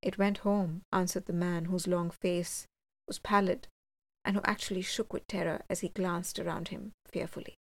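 A woman reading a first-person gothic story aloud, measured and slowing for suspense. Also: fairly low pitch, little pitch movement, creaky, dry recording. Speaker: audiobook reader.

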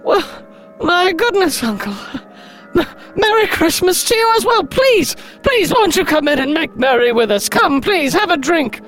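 A startled young nephew who stammers in a squeaky falsetto. His voice jumps high and lively through every phrase. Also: a little slow, faint music behind, exaggerated voice. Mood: flustered. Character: flustered, astonished young nephew, male.

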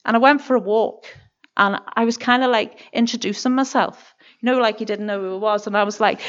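Northern irish woman telling her testimony, earnest and halting, bit high voice, dull lo-fi sound. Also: a bit bright. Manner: earnest, emotional, halting with many restarts. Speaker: church member giving testimony. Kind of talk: personal testimony. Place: church.

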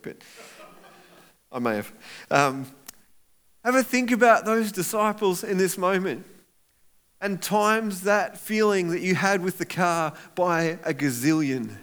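A man preaching a sermon as pastor, animated and acting out voices of people in the story. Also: high voice, moderate pace.

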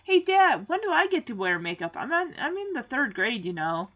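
A woman's voice: sits high, big pitch swings, moderate pace, a bit bright, highs cut off, exaggerated voice. A woman voicing a cheeky, sassy third-grade sitcom girl.

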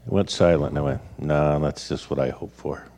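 A man's voice: rumbling low, steady tone, brisk, dark tone. A male pastor speaking earnestly in a sermon, often repeating words as he gathers his thoughts.

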